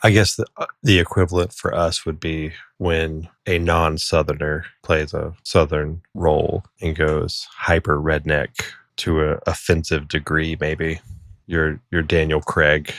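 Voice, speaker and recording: A man with an American accent co-hosting a podcast in casual chat, easygoing and quick to laugh. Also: a bass voice, little pitch movement, a bit bright, dry recording, clean studio sound. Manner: easygoing, laughs often, self-deprecating. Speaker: podcast co-host.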